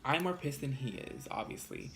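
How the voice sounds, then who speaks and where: A man's voice: mid-range voice, normal speed, a little hiss or hum. A young man from California telling a sassy, swearing storytime vlog with lots of fillers. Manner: animated, sassy, swears freely. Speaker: vlogger.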